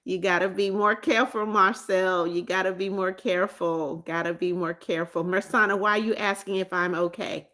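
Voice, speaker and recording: A woman's voice: fairly low pitch, steady tone, normal speed, few pauses, sharp tone. A middle-aged woman from the United States hosting a casual livestream, chatting and reading viewer comments aloud, often repeating greetings and names. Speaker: livestream host.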